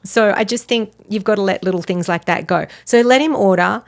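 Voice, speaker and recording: Cheerful middle-aged lady giving dating tips on a podcast, mid pitch, laughs a lot. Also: a little fast. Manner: upbeat, laughs often, gives advice. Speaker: podcast guest, wellness expert and dating coach. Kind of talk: casual podcast chat.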